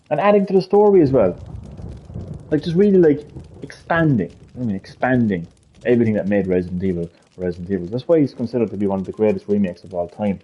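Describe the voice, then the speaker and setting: A man's voice: fairly low pitch, husky, highs cut off. A man live streaming a heated gaming rant, swearing a lot and repeating his points with emphasis.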